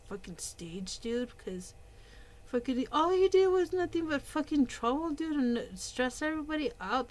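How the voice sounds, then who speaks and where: A woman giving a heated, profane rant as a video commentator, with loud outbursts between quieter muttering. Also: mid-range voice, rough recording. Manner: profane, heated rant full of filler words. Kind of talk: angry ranting commentary.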